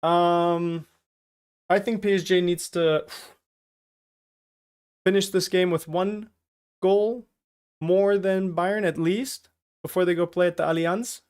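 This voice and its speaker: A man from Germany hosts a casual live stream, reading out chat messages and ribbing the viewers as he goes. His voice sits a touch high for a man and comes through smooth and clear. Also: fairly even intonation, slow pace, long pauses, a little mellow. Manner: jokey, reads out and teases chat.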